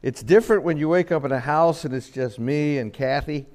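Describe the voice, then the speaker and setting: An older man, a pastor preaching a casual, story-filled Christmas sermon, acting out quotes and slowing for solemn lines. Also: darkish tone. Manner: storytelling, acts out quotes with sudden pitch jumps, slows for solemn lines.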